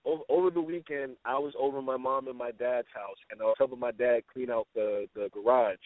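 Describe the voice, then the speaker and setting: A man's voice: mid-range voice, fairly even intonation, a little fast, dry recording. A man in his twenties co-hosting a casual radio call-in show, telling stories with a laugh and teasing a caller. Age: 20s. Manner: laughing, storytelling, playful teasing. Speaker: co-host. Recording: tinny phone-line sound.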